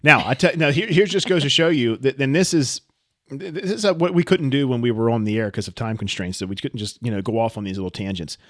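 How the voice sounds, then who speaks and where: A man co-hosting a casual talk show, his voice sitting at an ordinary middle pitch. He tells stories with plenty of animation and gets worked up and loud as they build. The sound is dry and close. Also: fast talker, no room sound. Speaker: podcast co-host. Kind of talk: casual chat.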